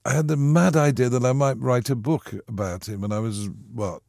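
A man's voice: mid-range voice, steady tone, brisk, creaky, darkish tone, no room sound, clean studio sound. A man in his sixties, a radio guest telling a long story with frequent restarts and asides. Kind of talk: anecdotal storytelling.

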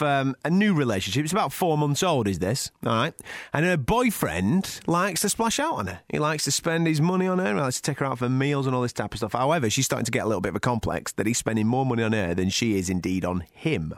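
Animated, jokey radio host. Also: male voice, medium pitch, quick pace, no room sound, clean studio sound. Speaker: radio breakfast show host. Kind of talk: casual radio banter.

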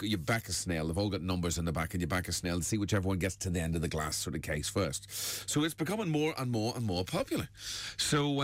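A male breakfast radio host, telling tall tales with deadpan punchlines in a studio. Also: fairly low pitch, no echo. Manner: lively storyteller, deadpan punchlines. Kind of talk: joke-telling radio banter.

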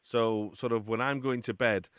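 An English radio host presents a football show from a studio, chatting casually and in a friendly way with his guest, whom he calls pal. His mid-range voice is fairly bright and clean, with fairly even intonation and normal speed, recorded at studio quality with no room sound.

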